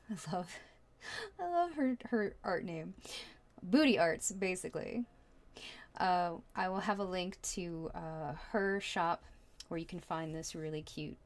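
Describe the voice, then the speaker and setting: Low-voiced chatty woman reading tarot. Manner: chatty and rambling. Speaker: tarot reader.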